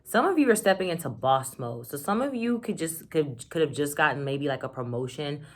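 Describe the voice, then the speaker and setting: Low-voiced chatty woman reading tarot. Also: a little fast. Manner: excited, chatty, slangy, lots of "like" and "y'all". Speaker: tarot reader. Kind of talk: casual tarot reading to camera.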